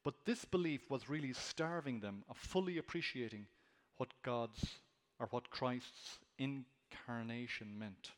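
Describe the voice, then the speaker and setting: Earnest male preacher in a reverberant hall. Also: a little slow. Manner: earnest, emphatic, with animated pitch rises on key words. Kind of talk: expository sermon.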